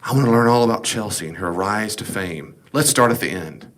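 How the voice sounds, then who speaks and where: A man's voice: fairly low pitch, lively intonation, brisk, a bit bright. A man teaching a Bible study as pastor, talking emphatically and casually, full of rhetorical questions.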